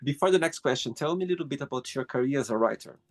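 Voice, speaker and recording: A man's voice: medium pitch, expressive, rapid-fire. A man hosting a casual interview, asking questions and reacting with short, enthusiastic praise. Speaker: interview host.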